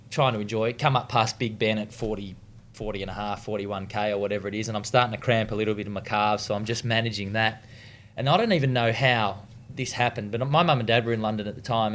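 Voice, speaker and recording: Aussie guy yarning away in an interview, bit low voice, swears a lot, faint hiss behind. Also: a bit bright. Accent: Australian. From Australia. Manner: laid-back, swears freely, lots of fillers and restarts. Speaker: interview guest, retired distance runner. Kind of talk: casual storytelling interview.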